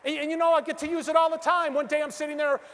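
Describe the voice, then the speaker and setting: A man's voice: very high-pitched, very fast. A middle-aged man giving a motivational stage speech, telling stories energetically and asking the audience questions. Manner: energetic storytelling, acts out quotes, asks the crowd questions. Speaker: motivational speaker. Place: large hall with an audience. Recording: hall reverb from a stage.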